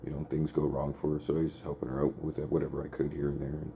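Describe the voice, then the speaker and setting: A man's voice: a bass voice, monotone, quick pace, mellow, a little hiss or hum. A man telling a long personal story in a rambling, profane, casual way, peppered with "like" and "right?".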